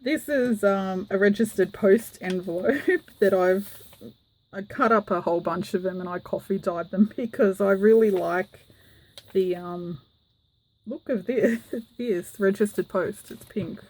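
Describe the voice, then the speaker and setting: A woman's voice: mid-range voice, unhurried, darkish tone, rough recording. A woman, chatting casually and giggling as she shows a handmade journal to the camera. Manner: giggly, chatty, with frequent fillers. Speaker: craft vlogger. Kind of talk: casual show-and-tell.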